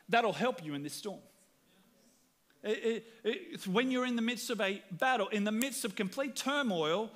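In a church, an Australian-accented man preaches as pastor, his high-pitched voice a bit bright. His sermon is earnest and conversational, and he often repeats words as he begins sentences.

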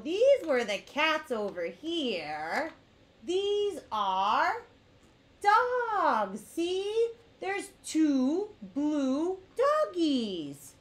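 Young female kids' educator, high and lively, very slow exaggerated sing-song delivery for toddlers. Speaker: children's educator. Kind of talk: teaching toddlers through toy play.

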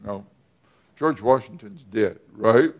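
A man preaching a sermon as pastor, often asking the congregation questions and pausing between phrases. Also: on the low side, muffled recording. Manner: asks the congregation questions, with pauses and restarts.

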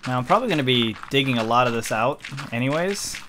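A man's voice: mid-range voice, expressive, fast talker, noisy background. Rambling man narrating his gameplay. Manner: rambling, self-correcting. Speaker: let's play host. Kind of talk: casual gameplay commentary.

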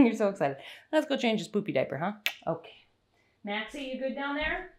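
A young woman and tired mother chatting at home in a home vlog, slipping into high sing-song baby talk. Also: big pitch swings, moderate pace, background noise. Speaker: mother of infant twins.

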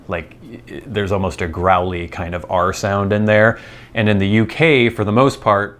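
A man with a General American accent, his voice sitting fairly low. He talks in a loose, rambling way, thinking aloud and explaining as he goes. It sounds like a relaxed solo vlog. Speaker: vlogger. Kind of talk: casual rambling monologue.

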